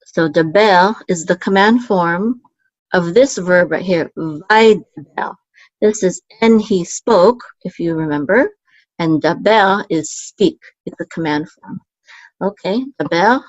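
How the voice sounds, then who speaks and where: Patient, low-voiced woman teaching Hebrew letters. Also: takes it slowly, no room sound, lo-fi sound. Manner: patient, explains letter by letter, many fillers. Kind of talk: step-by-step reading lesson.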